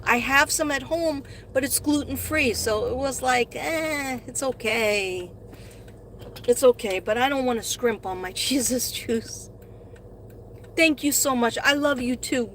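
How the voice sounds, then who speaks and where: A woman's voice: sits high, unhurried, a bit bright, slight background noise. Chatty middle-aged woman streaming from a car. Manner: chatty, rambling, gushes when thanking viewers. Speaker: live-stream host and astrology reader. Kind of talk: casual live-stream chat. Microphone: phone.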